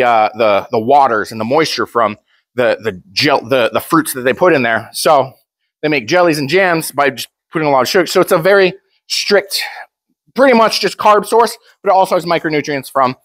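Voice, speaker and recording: A powerlifter vlogger, a young man, talks casually to camera, blunt and joking, rambling with frequent restarts. His voice is mid-range and fairly bright, recorded dry.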